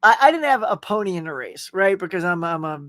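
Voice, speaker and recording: This is a fast-talking middle-aged man with a Southern US accent whose high-pitched, fairly bright voice swings widely in pitch. He casually hosts a live stream, reading comments, laughing often, and greeting viewers by name, in clean, dry studio sound.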